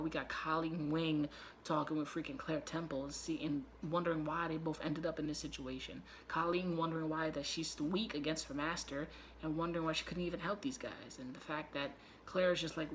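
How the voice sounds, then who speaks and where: A man hosting his own channel, giving a loose, profane and excitable spoiler recap with quick asides. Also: a little high, slight background noise. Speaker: YouTube show reviewer.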